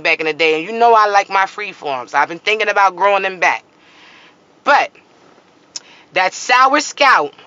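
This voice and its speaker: A woman's voice: on the high side, pushed and bright, no echo, lo-fi sound. A woman giving blunt, profane, joking spiritual advice in a casual vlog. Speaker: spiritual content creator.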